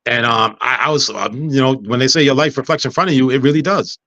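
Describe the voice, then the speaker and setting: Male guest, storyteller, bright forceful voice, funny, dry and dull lo-fi recording. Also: mid-range voice, fast talker, no echo. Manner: humorous, animated storyteller, acts out dialogue. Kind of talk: casual storytelling interview. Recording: dull lo-fi sound.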